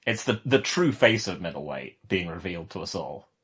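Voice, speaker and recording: A man co-hosting a casual podcast, rambling with wry, deadpan humor. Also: low-pitched, a little fast, breathy edge. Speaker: podcast co-host.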